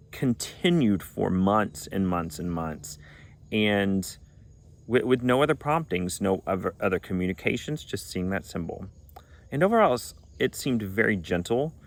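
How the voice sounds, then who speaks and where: A man with a fairly low voice tells a long personal story in an earnest, reflective way. He is from Arkansas, and now and then he acts out remembered conversations in his own voice. The pace of his telling stays calm. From Arkansas, United States. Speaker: pagan vlogger.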